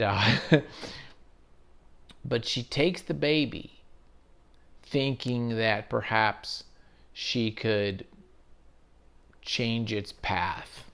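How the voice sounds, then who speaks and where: Gravelly guy rambling casually late at night, swears a bit, just chatting. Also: mid-range voice. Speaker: video essay host.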